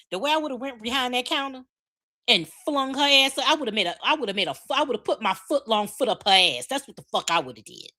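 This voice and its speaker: A woman's voice: a little high, pushed and bright. A woman delivering a furious, profane rant packed with repeated rhetorical questions.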